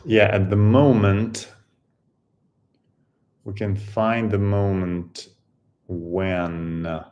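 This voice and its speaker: A man with a very low, gravelly voice talks his way through code at an unhurried crawl. He muses and halts often, trails off into fillers and picks the thought back up. Keyboard typing sits behind him. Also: steady tone, a little mellow, muffled recording. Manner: halting, musing, many pauses and fillers. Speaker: coding tutorial host. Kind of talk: thinking aloud while coding.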